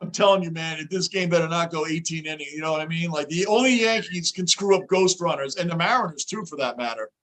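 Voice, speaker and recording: A New man hosts a live baseball watch-along with a fairly high voice. He talks in an animated way, and he shouts when the game swings. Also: fast talker, few pauses. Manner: animated, yells with excitement at big plays. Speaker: host.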